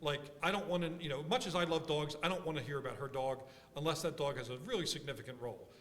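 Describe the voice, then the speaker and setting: Bright-voiced man teaching a workshop. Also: on the high side, fast. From Philadelphia, USA. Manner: animated, thinking aloud with restarts. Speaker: workshop speaker. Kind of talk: conference workshop talk. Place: large conference hall. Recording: conference hall reverb.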